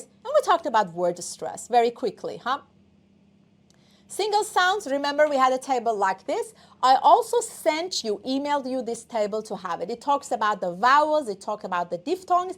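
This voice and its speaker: A woman's voice: fairly high pitch, a bit bright. A woman whose first language is Persian, teaching an online English test class, coaxing students and often checking in with "okay?".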